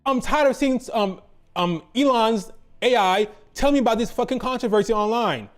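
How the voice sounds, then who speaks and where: A man's voice: very high-pitched, moderate pace, soft background music. A man hosting a wrestling commentary channel, ranting in an exasperated, profane, repetitive way.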